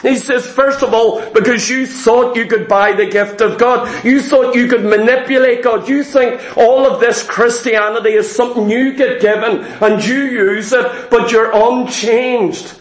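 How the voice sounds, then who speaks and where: High-voiced man preaching in an echoey church. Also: steady tone. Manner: emphatic, repeats key phrases, slows down to stress lines. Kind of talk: sermon.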